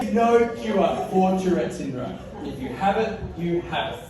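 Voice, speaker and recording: An Australian man in his forties delivers a comedic motivational keynote, joking and laughing as he goes. His voice sits high and carries from a distance. The sound bounces around a large echoey conference hall with noticeable background noise. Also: animated, unhurried, a crowd in the background. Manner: playful, laughs often. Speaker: motivational speaker.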